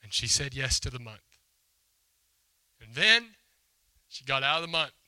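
A man's voice: medium pitch, quick pace, sharp tone, smooth, dry recording. A man preaching a sermon as a pastor, telling a story in a conversational, emphatic way and acting out the quotes. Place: church hall before a congregation.

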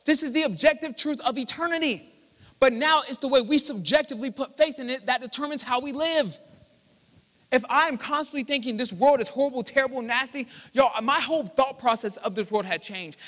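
A man's voice: very high voice, bright, forceful tone. A man preaching a live sermon as pastor, talking to the congregation and rising into impassioned declarations. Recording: live church hall with long reverb.

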